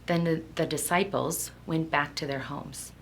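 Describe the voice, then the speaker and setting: A woman giving a devotional Bible reading and reflection, emotional and halting, close to tears and often dropping to a near whisper. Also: low-pitched, steady tone, a little hiss or hum. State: tearful, close to crying. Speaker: devotional speaker.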